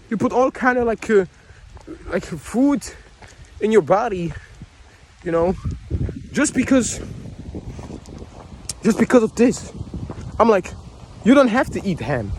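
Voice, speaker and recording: A man's voice: sits high, lively intonation, a little slow, pauses often, slight background noise. A man delivering an angry, profane, rambling vlog rant, mocking others in quoted voices. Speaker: vlogger. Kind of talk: ranting monologue to camera.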